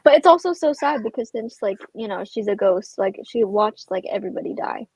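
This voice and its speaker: A woman's voice: mid-range voice, expressive, brisk, a little mellow, husky, no echo, poor audio. A young woman co-hosting a casual livestream book discussion, laughing often and gushing over the book. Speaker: book club co-host.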